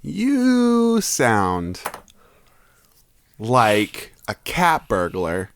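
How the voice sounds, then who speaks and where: Male podcast co-host, playful, unhurried delivery. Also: mid-range voice, huge pitch swings, a little hiss or hum. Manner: joking, playful. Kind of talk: casual chat. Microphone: headset.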